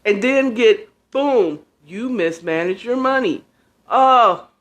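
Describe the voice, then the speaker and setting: A woman's voice: on the high side, expressive, slow pace, fairly bright tone. Woman, fifties, podcast host, venting and profane, weary, casual livestream talk. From United States. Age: 50s. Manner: venting, profane, tired and emotional.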